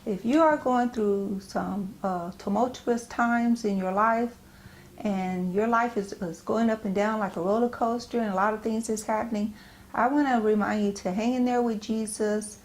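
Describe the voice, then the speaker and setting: A middle-aged American woman, a Christian speaker, gives a personal devotional talk in a steady, mid-range voice. She is earnest and gentle, frequently halting and repeating phrases.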